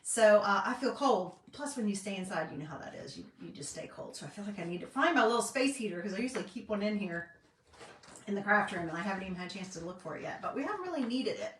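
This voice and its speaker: Speaking fast with lively intonation and a medium pitch, a middle-aged Southern woman from North Carolina hosts a live craft stream from her home craft room. She's a craft vlogger and independent designer whose casual chat is loaded with fillers and folksy asides; the room echoes and her voice sounds somewhat distant.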